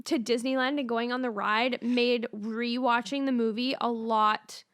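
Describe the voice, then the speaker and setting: A woman with a Canadian accent co-hosting a podcast, chatty and agreeable, quick to laugh. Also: a little high, steady tone, a bit bright, clear, resonant tone, no echo, clean studio sound. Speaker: podcast co-host. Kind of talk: casual chat.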